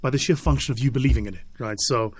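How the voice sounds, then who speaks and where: A man in his twenties, a motivational speaker, talking fast and emphatically in a radio studio interview. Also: medium pitch, slightly rough, no room sound. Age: 20s. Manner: fast, emphatic, preacherly delivery. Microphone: studio microphone.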